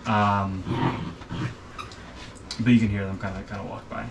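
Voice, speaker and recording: A man's voice: fairly low pitch, little pitch movement, a little slow. A man narrating as game master for a tabletop game, hesitant with many ums, recorded from a distance with background noise.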